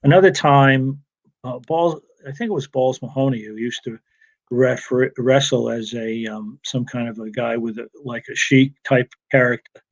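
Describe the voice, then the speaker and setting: A man's voice: mid-range voice, normal speed, highs cut off. A man, a retired wrestling referee, telling rambling stories from his career with restarts and chuckles over a remote call. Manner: rambling anecdotes with restarts and laughs. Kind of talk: casual storytelling interview.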